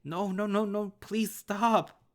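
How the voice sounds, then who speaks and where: A man voicing a young male animal-person who pleads with his father, shrill and hoarse, sobbing. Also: steady tone, takes it slowly. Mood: desperate pleading.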